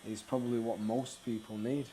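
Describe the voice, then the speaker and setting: A man's voice: medium pitch, level tone, moderate pace, dark tone, slight background noise, rough recording. A man hosting an interview, telling stories in a reflective way. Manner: reflective, storytelling. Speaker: podcast host. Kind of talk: casual interview chat.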